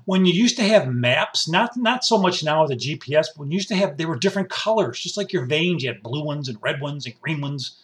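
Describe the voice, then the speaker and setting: Male monologuist, wisecracking and rambling, voice a touch high. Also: expressive, fairly quick, hardly any pauses. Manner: rambling, wisecracking, swings from loud to muttered asides. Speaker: commentator. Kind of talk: comedic monologue.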